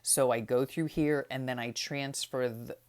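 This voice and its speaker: Very low-voiced chatty woman. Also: fairly even intonation, unhurried, a little mellow. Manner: chatty, many fillers and tag questions. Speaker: vlogger. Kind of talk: casual walkthrough of her Bible study process.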